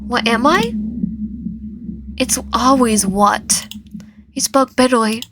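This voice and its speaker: A woman's voice: slow pace, very noisy. A woman doing a bitter, menacing male captor. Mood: bitter menace. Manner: bitter, low and cold.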